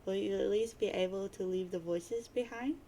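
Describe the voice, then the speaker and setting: A woman's voice: mid-range voice, moderate pace, dark tone, a little hiss or hum, close to an everyday voice. A woman reading the lines of a mopey, sarcastic teenage boy who sees himself as a prophet of doom, in a dramatic webcomic reading. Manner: grumbly, sarcastic, self-pitying.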